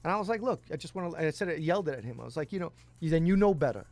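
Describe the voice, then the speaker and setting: A man with a somewhat high voice chats casually as a talk show co-host, spinning loose anecdotes full of laughs and the odd curse. Soft music plays faintly behind him. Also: expressive, very fast, no echo. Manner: storytelling, laughs often, swears. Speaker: podcast co-host. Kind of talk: casual chat.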